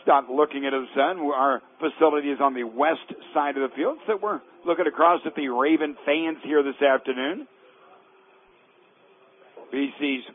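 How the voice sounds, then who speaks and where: A man calling live college football play-by-play from the press box, rising and stretching his words when a big play breaks. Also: medium pitch. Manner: rises sharply and slows on big plays. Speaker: play-by-play announcer. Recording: tinny phone-line radio broadcast.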